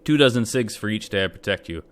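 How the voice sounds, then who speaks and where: Guy putting on a smooth sly cuban sellsword, fake spanish accent, a bit louder and higher. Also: lively intonation, fast. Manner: put-on Spanish accent, rolling Spanish words. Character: sly, smooth-talking male Cuban mercenary. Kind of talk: reading video game dialogue aloud.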